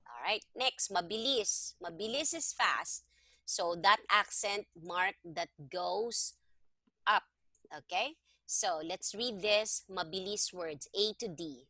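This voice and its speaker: Bright-voiced woman tutoring one-on-one. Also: medium pitch, expressive, slow, no room sound. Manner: patient, explains step by step. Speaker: Tagalog tutor. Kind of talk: one-on-one language lesson.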